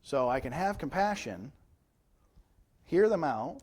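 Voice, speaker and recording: A man's voice: on the high side, very animated, takes it slowly, a little mellow, breathy edge. A man preaching as pastor in a church, teaching from the Bible in a conversational way and often checking in with rhetorical questions. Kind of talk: Bible study sermon.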